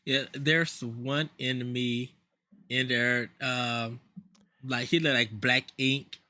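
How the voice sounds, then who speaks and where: Guy hosting a podcast, kinda halting, bright voice, dry close mic. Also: mid-range voice, little pitch movement, dry recording. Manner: hesitant, restarts and fillers, leads the talk. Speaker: podcast host. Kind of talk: casual podcast chat.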